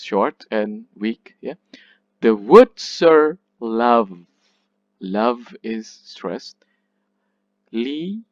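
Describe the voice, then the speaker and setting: A man lecturing on poetic meter, speaking slowly and deliberately, often checking in with "yeah?" and correcting himself as he explains. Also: medium pitch, dry recording, highs cut off. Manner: slow, deliberate, exaggerates stress when reading lines aloud. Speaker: literature lecturer.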